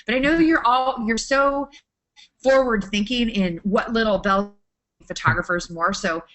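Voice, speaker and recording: A woman's voice: on the high side, measured pace, a bit bright. Chatty, enthusiastic woman giving business advice. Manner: chatty, enthusiastic, with frequent restarts. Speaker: guest speaker, photographer. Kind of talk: webinar talk.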